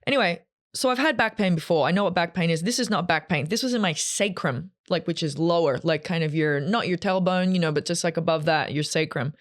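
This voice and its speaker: A woman's voice: fairly low pitch, a little fast, few pauses. A woman hosting a solo podcast from a green room, telling a personal story in a candid, rambling, emotional way with many fillers. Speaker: podcast host.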